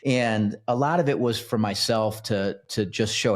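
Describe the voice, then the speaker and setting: A man's voice: on the low side, unhurried. A man, a podcast guest who founded a nonprofit, telling his personal story in a casual, rambling way, often restarting and repeating words.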